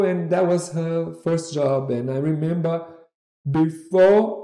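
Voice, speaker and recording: A man, a model agent, telling stories in a podcast interview and acting out the people he quotes. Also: on the high side. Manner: animated, acts out quoted voices. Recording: echoey room.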